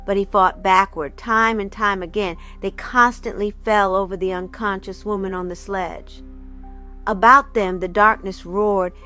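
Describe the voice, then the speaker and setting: A woman's voice: medium pitch, fairly bright tone. Woman reading a legend dramatically. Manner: measured, dramatic narration. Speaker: storyteller. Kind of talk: reading a folk legend aloud.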